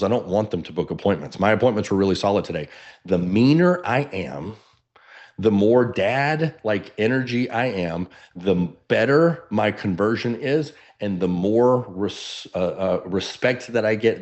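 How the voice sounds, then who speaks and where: Brief: Texan man, low baritone, high-energy webinar coach, dull lo-fi sound. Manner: energetic, animated, casual. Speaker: real estate coach. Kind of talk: webinar teaching. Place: standing, moving around while speaking.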